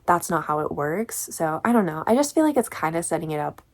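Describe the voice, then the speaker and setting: A woman's voice: deep voice, very animated, fairly quick, darkish tone. A woman in her twenties talking casually through a book review, chatty and exasperated, with lots of filler words.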